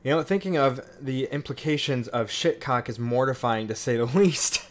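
A man's voice: medium pitch, normal speed. A man streaming a horror game live, cursing and sounding irritated as he plays. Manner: profane, irritated, exasperated. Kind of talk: live gameplay commentary.

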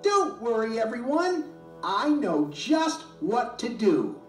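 A woman voicing a small, boastful, fearless boy fish in a picture book, with a high, excited, squealing delivery. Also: takes it slowly, faint music behind. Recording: echoey room, mic far off.

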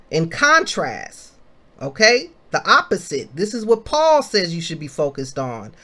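A woman's voice: medium pitch, a bit bright. A woman in her thirties leading an informal Bible study, reading passages and exhorting listeners with questions she answers herself. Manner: exhorting, asks questions and answers them, exclaims.

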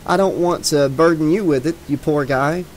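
A flustered, talkative woman a little tipsy at a bar, light and breezy, as a male narrator puts her on. Her voice sits just above his usual pitch. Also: moderate pace, a little hiss or hum, natural voice.

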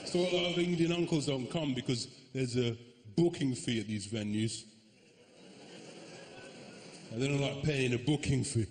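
Pausing often at a moderate pace, a man with a mid-range voice does brash live stand-up, teasing the audience and cursing plenty. The large comedy venue sounds echoey, with audience noise audible.

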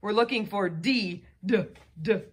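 A woman's voice: medium pitch, unhurried, slightly rough. A woman teacher giving a phonics lesson to a child, patiently sounding out letter sounds.

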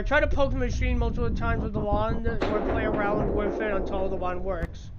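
A woman's voice: mid-range voice, fairly even intonation, moderate pace, heavy background noise. A woman giving casual let's-play commentary, mumbling asides and breaking into startled reactions, on a dull lo-fi mic. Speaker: gaming video creator.

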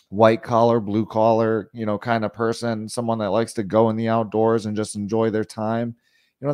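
A man's voice: medium pitch, no room sound, clean studio sound. Chatty man coaching in sales. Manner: conversational, frequent "you know" and "right?" asides; acts out pushy and calm sales questions. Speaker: RV sales trainer. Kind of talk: casual training talk.

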